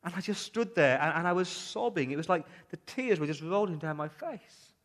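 A man preaching in the first person as Mary Magdalene, a grieving woman who becomes a joyful witness. He speaks earnestly and haltingly as he retells her story. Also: a little high, animated, lightly acted. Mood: emotional. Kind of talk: first-person dramatic monologue in a sermon.

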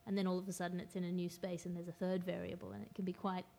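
A woman's voice: on the low side, monotone, racing, gravelly, warm tone. A woman hosting a casual chat podcast, reflective and encouraging with her guest. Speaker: podcast host.

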